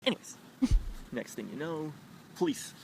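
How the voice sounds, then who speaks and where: Animated, foul-mouthed man telling a rambling story. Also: unhurried, vocal fry, husky, no echo. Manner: animated, profane, jumps into squeaky voices when quoting others. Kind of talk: rambling anecdote with acted quotes.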